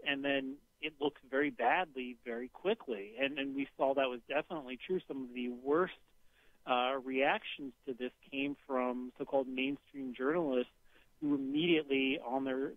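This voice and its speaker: A man, a guest on a political talk radio show, explaining his points in a measured way and often restarting phrases. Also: medium pitch, dry recording. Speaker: guest commentator. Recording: tinny phone line.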